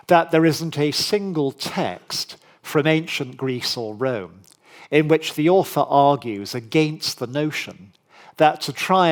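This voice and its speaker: A man giving a formal public history lecture in a measured, deliberate way, with dry asides. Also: medium pitch.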